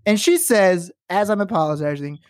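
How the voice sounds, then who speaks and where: A man co-hosting a podcast, telling a work story in a casual, animated and profane way and acting out the people he quotes. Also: sits high, moderate pace, no room sound, clean studio sound. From works in Los Angeles. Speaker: podcast co-host.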